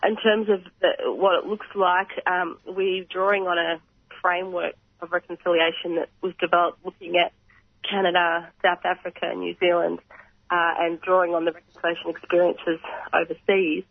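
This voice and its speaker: Australian man, croaky, high-pitched, flat and measured delivery; phone-line guest for a radio interview. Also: dry recording. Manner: earnest, measured, frequent pauses and throat clearing. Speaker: reconciliation organisation representative. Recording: tinny phone line, dry.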